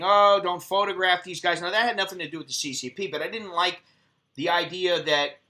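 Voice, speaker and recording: American man, live-stream host, high and very bright voice, profane animated storyteller. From United States. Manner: profane, animated storytelling, acts out heated quotes. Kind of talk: casual live-stream monologue.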